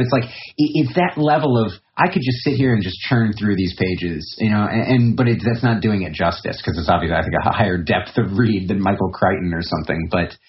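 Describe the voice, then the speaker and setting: A man with a very deep voice, talking through a podcast interview. He rambles in a reflective way, with plenty of fillers and restarts. The audio is muffled and lo-fi. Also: slight background noise. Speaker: trader, podcast guest. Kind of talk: casual interview talk.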